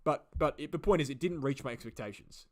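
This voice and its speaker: Hosting a crypto channel's live stream, an Australian man answers viewer questions in a mid-range voice at a quick pace. His replies ramble, packed with fillers and repeated phrases.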